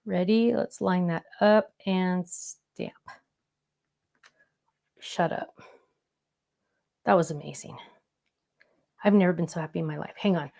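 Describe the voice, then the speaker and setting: A woman hosting a crafting show, chatting excitedly and talking herself through each step of a stamping demonstration. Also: on the low side, moderate pace, creaky.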